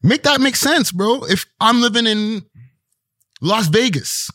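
High-pitched emphatic man. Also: unhurried, no echo, clean studio sound. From Toronto, Canada. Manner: emphatic, animated, slangy storytelling. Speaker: podcast guest. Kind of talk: casual podcast conversation.

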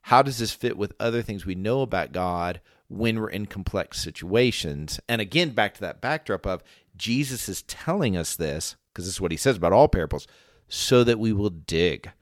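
A man's voice: fairly low pitch, expressive, moderate pace, no echo, clean studio sound. A man co-hosting a casual Bible discussion podcast, reasoning through scripture with self-deprecating asides. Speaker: podcast co-host.

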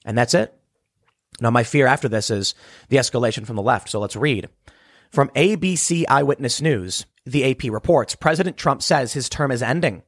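A man from Chicago hosting solo political commentary, reading the news aloud and breaking off into rapid, emphatic remarks that often repeat words. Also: mid-range voice, animated, no room sound, studio quality. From South Side of Chicago.

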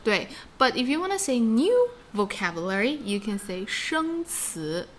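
Brief: female language teacher, unhurried and patient, light room hum. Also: fairly high pitch, sing-song. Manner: patient, explains slowly, laughs easily. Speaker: Chinese teacher. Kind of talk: bilingual language lesson.

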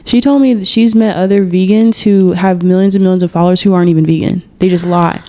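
A woman's voice: fairly low pitch, fairly even intonation, fast talker, dark tone, slight background noise. A woman hosting a podcast, chatting candidly and talkatively with a guest in slangy, casual speech. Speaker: podcast host. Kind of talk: casual chat.

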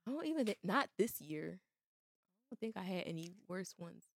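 A woman's voice: fairly low pitch, sing-song, normal speed, gravelly. A young woman co-hosting a podcast, chatting candidly and laughing often. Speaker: podcast co-host. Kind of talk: casual chat.

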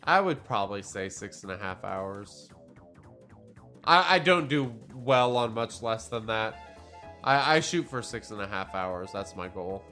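A man co-hosting a casual podcast, easily agreeable and quick with short replies. His voice is bright and forward, with faint music running behind. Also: lowish voice, expressive. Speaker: podcast co-host.

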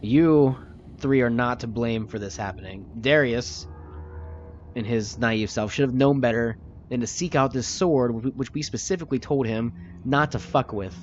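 A man's voice: medium pitch, normal speed, dull audio, soft background music, lightly acted. A man voicing a stern, commanding older male leader who lectures bluntly and swears. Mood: grave.

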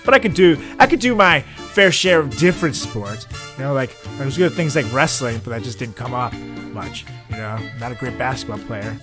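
A man co-hosting a comedic podcast, deadpan and ironic, often trailing off into mumbles. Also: medium pitch, fairly quick, music in the background. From Latin America. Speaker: podcast co-host.

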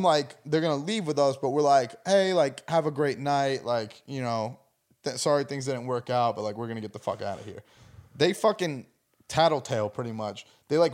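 Profane young man telling a story. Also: on the high side. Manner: profane, rambling, animated. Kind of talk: casual storytelling chat.

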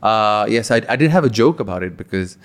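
Lower-voiced man with a Pakistani accent. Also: animated, a little fast. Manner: rambling, many restarts and "you know". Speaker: stand-up comedian. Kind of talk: casual conversation.

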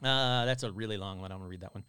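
A man's voice: fairly low pitch, racing, clean tone, dry recording, clean studio sound. A man hosting a live stream, reading listener stories aloud and cracking jokes between them. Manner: animated, joking asides between stories.

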